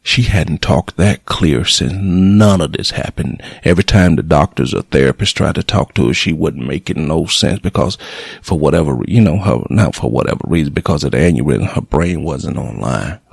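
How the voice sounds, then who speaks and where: A man's voice: a bass voice, animated, normal speed, vocal fry, slightly rough, no room sound, clean studio sound. A middle-aged man, a radio show host, telling a personal story in a plainspoken, emotional way, blunt and cursing at times.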